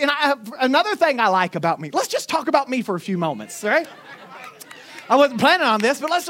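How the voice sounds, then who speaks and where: A woman's voice: sits high, a bit bright. A woman in her forties from Northwest Florida, preaching a sermon in her Northwest Florida accent with conversational, joking asides to the congregation. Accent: Northwest Florida Southern. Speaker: pastor.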